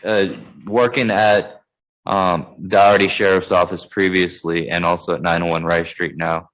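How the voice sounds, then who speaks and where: A man with a very low voice cross-examines a witness at a hearing, asking measured, courteous questions. He pauses on fillers and picks his words with care. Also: a bit bright, rough recording. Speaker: defense attorney.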